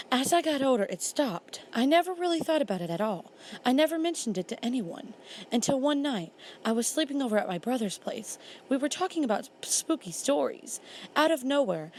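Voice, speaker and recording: A woman's voice: a little high, darkish tone, a little hiss or hum. A young woman vlogger telling spooky stories while she does her makeup, talking in a casual, blunt way and swearing now and then.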